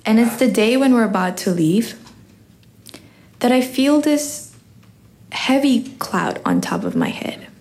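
A teenage girl telling a personal story on stage, slow and reflective. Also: fairly high pitch, big pitch swings, darkish tone. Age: teens.

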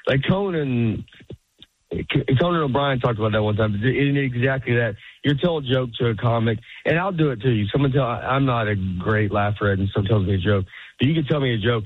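A man's voice: mid-range voice, moderate pace, dry recording. A man talks as a comedian guest in a loose, rambling interview. He breaks into laughs and slips into little voices for the people he quotes. The sound is narrow and phone-like, and it is quite dry. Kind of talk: casual interview chat.

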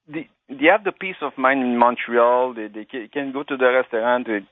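A man calling into a radio show, speaking haltingly with many restarts. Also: medium pitch, dry recording. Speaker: caller. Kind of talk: phone-in chat. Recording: tinny phone line.

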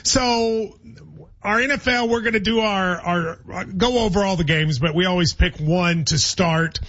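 A man's voice: high-pitched, unhurried, fairly bright tone, lo-fi sound. A man hosting a sports radio show, chatty and wry. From Kentucky. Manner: chatty, wry, laughs easily. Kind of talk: casual sports talk.

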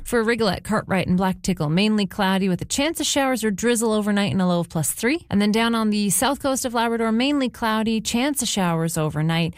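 A woman presenting a scripted regional weather forecast in a brisk, even, informative way. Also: medium pitch, no room sound, studio quality.

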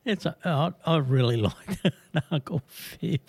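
Man, radio host, rambling chat, gravelly, husky, dry close sound. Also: fairly high pitch, expressive, moderate pace, a little mellow, dry recording. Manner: chatty, rambling, easily amused.

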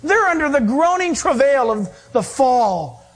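Emphatic high-voiced preaching pastor. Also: male voice. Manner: animated, emphatic preaching with quick bursts. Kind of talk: sermon.

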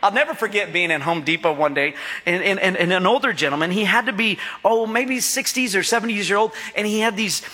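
A middle-aged male pastor preaches with a high, bright, ringing voice. He jokes, tells stories and keeps asking the church to answer back. His voice carries a long reverb through the church hall. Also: fairly quick. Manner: jokey, storytelling, asks the congregation for responses. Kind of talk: sermon.

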